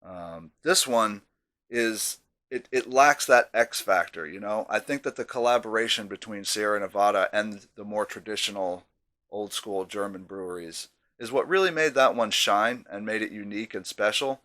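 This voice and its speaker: A man's voice: on the low side, moderate pace, sharp tone. A man casually reviewing a beer on camera, chatty and self-deprecating, with savoring asides.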